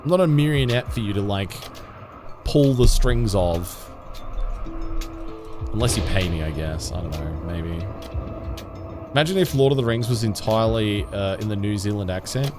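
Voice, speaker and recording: A man's voice: lowish voice, lively intonation, moderate pace, pauses often, darkish tone, faint music behind. A young man livestreaming a game, chatting casually and self-deprecatingly with viewers, often restarting his sentences. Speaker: game streamer.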